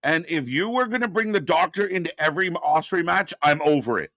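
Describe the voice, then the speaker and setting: A man hosting a live wrestling watch-party stream, ranting with exasperation and profanity, then answering chat messages more calmly. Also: a little high, a little fast, no echo, clean studio sound. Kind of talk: live reaction commentary, reading chat.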